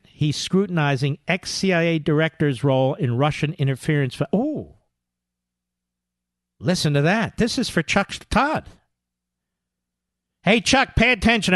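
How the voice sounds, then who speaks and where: Male talk radio host: high, swooping delivery, sarcastic and emphatic, dry studio sound. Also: fairly bright tone, no echo. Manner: sarcastic, mocks opponents in put-on voices; emphatic, repeats words for effect. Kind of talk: political talk radio monologue.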